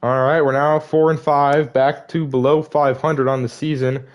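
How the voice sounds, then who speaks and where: A man's voice: medium pitch, level tone, normal speed. A young man giving casual gameplay commentary, frustrated and disappointed as he rambles through season stats. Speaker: gaming video creator.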